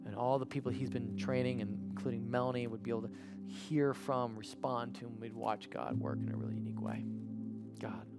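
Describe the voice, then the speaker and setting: A man preaching as a pastor, leading a communion sermon and prayer. His voice sits at a middle pitch and moves from loud, urgent stretches to soft, hushed words. Music plays clearly underneath.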